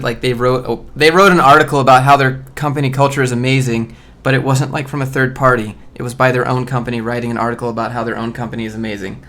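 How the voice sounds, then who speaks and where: A man in casual live-stream commentary talks at a middle pitch while he goes through job postings. He reads the lines out and then reacts to them bluntly, joking and making offhand remarks, in an unscripted way. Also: fairly bright tone.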